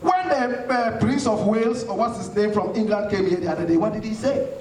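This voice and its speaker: A man's voice: sits high, brisk, a little mellow. A man from Ghana giving an impassioned, rhetorical talk to an audience in a hall, answering questions. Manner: fiery, rhetorical, preaching tone. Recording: echoey hall from far off.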